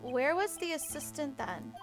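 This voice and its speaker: A woman voicing a young male defense lawyer in a courtroom game, speaking quietly and sounding unsure. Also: high voice, animated, measured pace, over music. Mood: probing.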